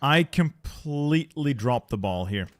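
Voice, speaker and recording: A man hosting a strategy-game video, talking casually, clearing his throat often, and muttering and repeating himself in a self-deprecating way. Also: mid-range voice, expressive, a little slow, no echo, soft background music. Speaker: gaming video host.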